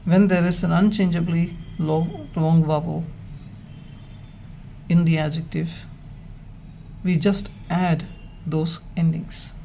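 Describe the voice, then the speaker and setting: A man with a gravelly, mellow voice teaching a grammar lesson. He speaks very slowly and methodically, pausing between phrases. Faint noise and passing traffic can be heard in the background. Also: fairly high pitch, flat delivery. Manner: measured, stepwise explaining with pauses. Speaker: Hebrew grammar lecturer.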